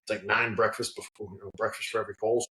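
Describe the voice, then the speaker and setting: Fast-talking, low-voiced man telling stories. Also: level tone, bright, forceful tone. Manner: swears freely, acts out quoted voices. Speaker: guest, head distiller. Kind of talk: casual storytelling.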